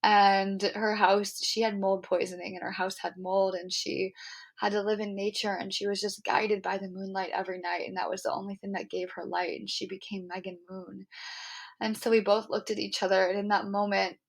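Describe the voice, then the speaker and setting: A young adult woman hosting a podcast, telling a personal story in an earnest, animated way, full of "like" and "um". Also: mid-range voice, normal speed, gravelly. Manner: earnest, animated, heavy use of "like" and "um". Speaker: podcast host.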